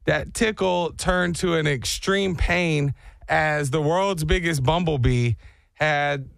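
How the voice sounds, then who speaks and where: Gravelly, animated man telling a story. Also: a little high, slow pace, no room sound, clean studio sound. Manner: exaggerated, self-mocking storyteller who acts out sounds.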